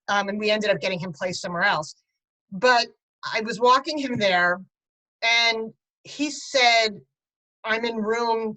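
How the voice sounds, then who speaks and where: A middle-aged woman tells her story with animated, chatty energy. Her voice sits fairly high, and she breaks into laughter at times as she talks with an interviewer. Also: low-quality recording. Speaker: guest, parent and writer. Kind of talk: conversational interview.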